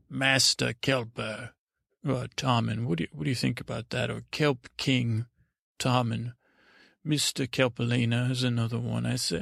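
A man tells a bedtime story with a gravelly, low-key voice, drifting and stopping to restart his sentences. The sound is dry and close, with no room around it. His delivery wanders on purpose, slow to settle on a point. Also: fairly bright tone, no room sound. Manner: meandering and halting, full of restarts and fillers. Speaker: podcast host telling bedtime stories.

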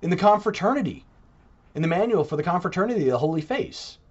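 A man talking in a casual podcast monologue, animated and putting on mock voices when he quotes others. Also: high voice, quick pace, husky, muffled recording. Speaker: Catholic podcaster.

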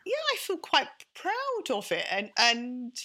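Woman, London accent, bright, fast-talking, animated, restarts a lot, interview guest. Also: high-pitched. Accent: London English. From London, England. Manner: quick, animated, with frequent restarts and repeated words. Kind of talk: conversational interview.

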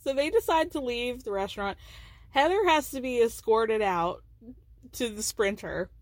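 A woman's voice: a little high, lively intonation, normal speed, no echo. Chatty woman recapping TV gossip. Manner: chatty, amused, frequent "like". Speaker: podcast host. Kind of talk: casual reality TV recap.

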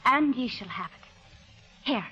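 Brief: a naive Irish immigrant girl, lilting Irish accent, high and lively, old radio drama. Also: slow, breathy edge, dull audio, full character voice. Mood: naive, gentle. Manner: lilting, gentle, old-fashioned phrasing. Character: young Irish immigrant woman, naive and sweet. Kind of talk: 1950s radio drama acting.

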